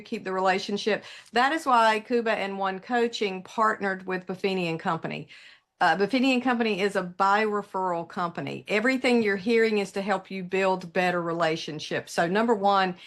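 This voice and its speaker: A woman's voice: medium pitch, fairly bright tone. A woman hosting a training webinar, who cuts in to speak to the audience in a chatty, enthusiastic way. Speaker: webinar host.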